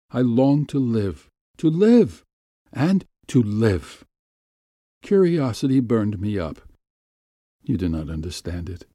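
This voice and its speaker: A man's voice: fairly low pitch, warm tone, no room sound, studio quality. A man reading as a tearful, remorseful young wife. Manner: anguished, self-reproaching confession.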